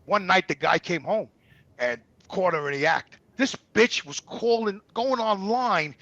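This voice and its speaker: A man's voice: sits high, animated, unhurried, pushed and bright, dry recording, dull audio. A man telling a personal story as a guest, in blunt, profane, repetitive talk. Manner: blunt, profane, repeats himself.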